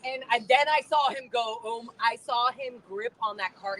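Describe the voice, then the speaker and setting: A woman's voice: on the high side, moderate pace, a bit bright, slight background noise, rough recording. A woman talking animatedly and bluntly outdoors at a street protest, with some swearing. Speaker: former Scientologist protester. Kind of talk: excited outdoor chat.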